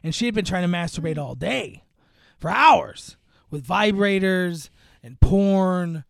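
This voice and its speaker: A young man with a high, smooth, clear voice chats casually about a film. He rambles, full of fillers, and slips into acted-out lines from the characters. The sound is close and dry. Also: animated, unhurried, no echo. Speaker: podcast co-host recapping a movie. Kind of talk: casual chat.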